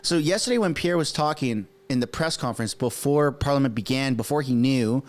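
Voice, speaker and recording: A man whose first language is French hosts a casual political livestream, animated and profane, joking and talking straight to his chat. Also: mid-range voice, fairly quick. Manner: animated, swears, jokes, talks to chat viewers. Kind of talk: casual live commentary.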